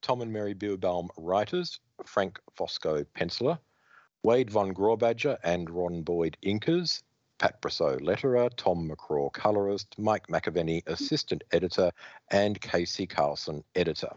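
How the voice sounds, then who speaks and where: A man hosting a casual comic book podcast, reading out credits and panels in an animated storytelling manner, with a dull, dry recording sound. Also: deep voice, normal speed, no room sound. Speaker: podcast host.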